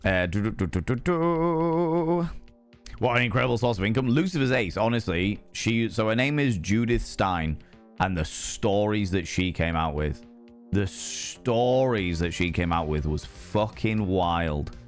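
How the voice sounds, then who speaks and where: A man hosting a livestream and chatting casually with viewers, slightly hoarse and husky from drinking, theatrical and flamboyant, often leaping into high mock voices. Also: unhurried, soft background music. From Ireland. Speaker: livestream host. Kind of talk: casual chat reading viewer messages.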